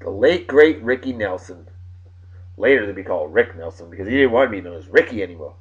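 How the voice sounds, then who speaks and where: A man from New of the region, hosting a casual video blog with boisterous, jokey shout-outs. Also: lowish voice, lively intonation, quick pace, muffled recording. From New England.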